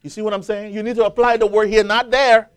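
High-voiced male preacher, emphatic. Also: level tone, fast, smooth. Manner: rising to emphatic peaks, quoting scripture, call-and-response. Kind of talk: sermon.

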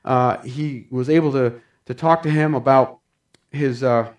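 A man's voice: mid-range voice, fairly even intonation, a little slow. A man preaching a sermon, telling stories fervently and calling his listeners saints. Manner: fervent, addresses congregation as saints. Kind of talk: sermon storytelling.

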